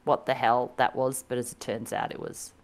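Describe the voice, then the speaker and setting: A woman's voice: extremely low pitch, steady tone, normal speed. A woman co-hosting a casual video game podcast, wry and chatty, laughing often. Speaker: podcast co-host. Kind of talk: casual chat.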